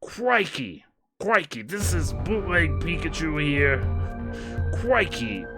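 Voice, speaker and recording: A man voicing a brash cartoon critter in an exaggerated, put-on Australian accent, hamming it up loudly. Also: fairly high pitch, sing-song, slow, over music, voice pushed up. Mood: boisterous. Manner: boisterous, loud hamming showman.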